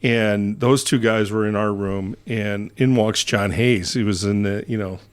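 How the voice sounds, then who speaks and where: A man's voice: on the low side, fairly even intonation, measured pace, smooth. A man in his sixties, a former college football player, telling profane locker-room stories with a chuckle in a casual chat. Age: 60s. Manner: swears freely, chuckling anecdotes. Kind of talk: casual storytelling.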